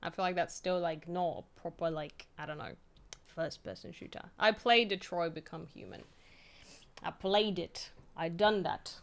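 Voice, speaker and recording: A woman's voice: fairly low pitch, moderate pace, vocal fry. A woman from Poland streaming from home, chatting loosely with her viewers, full of fillers, swearing and easy laughs. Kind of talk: casual chat answering viewer questions.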